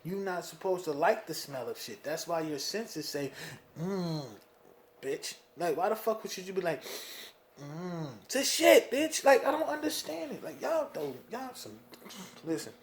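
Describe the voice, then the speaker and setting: A young man from New Jersey venting about being a father in a casual monologue, animated, with lots of "you know what I mean". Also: moderate pace. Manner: animated, swings loud and high when worked up, frequent "you know what I mean". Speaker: vlogger talking about fatherhood.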